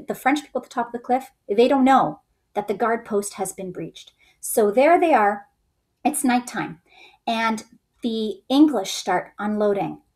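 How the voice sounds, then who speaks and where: A woman teaching history in a casual storytelling way, acting out quoted soldiers in raised voices. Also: a little high.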